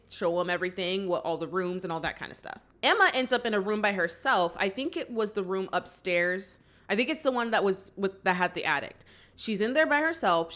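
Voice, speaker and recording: A woman's voice: medium pitch, fairly bright tone. A woman hosting a movie reaction channel, recapping a film in a chatty way, acting out quoted lines and using lots of fillers. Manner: chatty storytelling with acted-out quotes and many "like" fillers.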